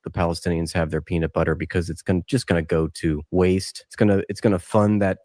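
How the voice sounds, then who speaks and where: A man's voice: low-pitched, level tone, fast talker, warm tone, slight background noise. A man co-hosting an online commentary show, talking in a sarcastic, mocking way. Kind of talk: casual commentary.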